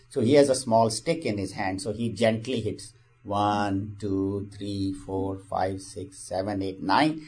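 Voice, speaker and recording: A man's voice: on the low side, steady tone, a little slow, darkish tone, slightly rough. A man giving a spiritual discourse. He speaks in a conversational way, repeats phrases and tells a parable. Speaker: spiritual teacher.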